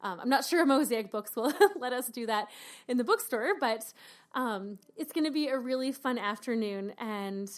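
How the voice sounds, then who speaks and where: A woman author from Canada, talking in an animated, expressive way about her book in a radio interview. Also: fairly high pitch, moderate pace. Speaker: author guest.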